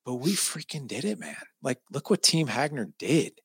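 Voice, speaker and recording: A man's voice: a little high, very animated, moderate pace, gravelly, slightly rough, dry recording. A man, a guest on an interview show, telling a personal family story with emotion and emphasis.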